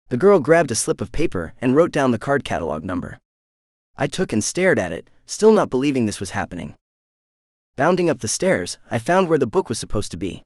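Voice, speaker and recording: A man narrating a first-person romance audiobook in an expressive, animated way. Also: mid-range voice, fairly quick, no echo, studio quality.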